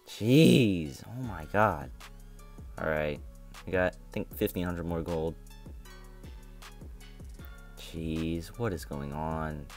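A young man with a fairly low voice runs through a mobile game box opening as its host, grumbling and repeating himself as his frustration builds. Faint music plays under his voice on the screen recording. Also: slow pace, pauses often, a little mellow. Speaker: gaming channel host.

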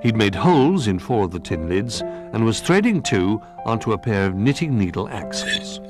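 A man narrating a children's storybook in an expressive, lilting way. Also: on the low side, moderate pace, music in the background.

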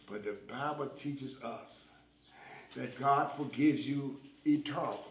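Taking it slowly in a medium-pitched voice, a man delivers a sermon with fervent emphasis, calling out again and again to his listeners. A little hiss or hum is audible in the echoey room, where guitar music plays in the background.

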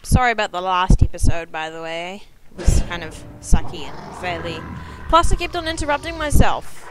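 A young woman commentating her own video game playthrough, excitable and self-mocking, yelping when things go wrong. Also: lowish voice, moderate pace. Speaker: let's play gamer. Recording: game music playing behind.

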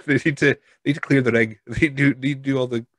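A man's voice: mid-range voice, fairly even intonation, a little fast, dry recording. A man with a Scottish accent hosting a wrestling podcast, chatting casually, telling stories and laughing often. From Scotland. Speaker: podcast host. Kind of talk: casual interview chat.

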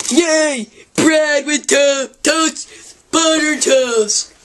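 A woman hosting a spoof cooking show with a goofy, deadpan manner and sudden loud outbursts. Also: sits high, extremely slow. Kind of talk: deadpan comic cooking demonstration. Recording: noisy home video recording.

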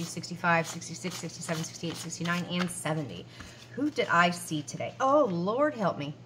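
A woman's voice: lowish voice, noisy background. A woman in her forties chatting casually at home as she counts cash aloud and talks to herself between numbers. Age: 40s. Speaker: budgeting vlogger.

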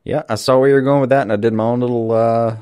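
Fast-talking male podcast co-host. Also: mid-range voice, fairly even intonation, mellow, smooth. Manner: rambling, quick, laughs often. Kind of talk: casual podcast chat.

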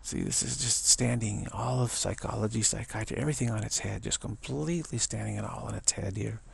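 A man giving a spiritual talk who speaks haltingly, stammers and repeats words, and chuckles at his own points. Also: lowish voice, gravelly, slightly rough. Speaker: spiritual teacher.

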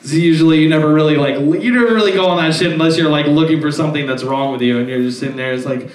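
A man's voice: on the high side, racing, far from the mic. A young man doing a stand-up set, rambling with lots of filler words and swearing, on a comedy club stage. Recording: roomy club from off-mic.

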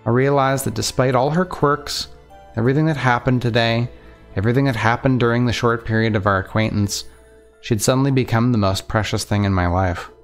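A man reading a visual novel aloud in earnest, steady first-person narration. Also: mid-range voice, brisk, faint music behind. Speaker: let's play narrator.

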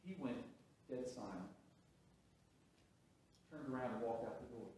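A man's voice: mid-range voice, unhurried, a little mellow, a little hiss or hum. A man preaching a sermon as pastor, telling a story with restarts and rising emphasis. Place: church sanctuary. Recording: very echoey hall, from a distance.

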